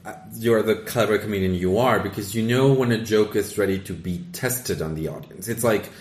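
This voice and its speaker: A man's voice: fairly low pitch, fairly quick, roomy sound. A man hosting a casual podcast who rambles through his points with many restarts. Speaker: podcast host.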